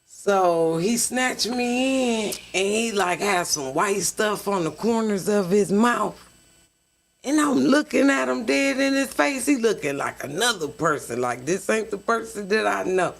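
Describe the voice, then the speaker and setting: A woman tells her own story on a podcast in a relaxed, conversational way. She is animated and slips into quoted voices as she recounts what was said. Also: medium pitch, measured pace, gravelly, a little hiss or hum. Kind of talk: casual storytelling.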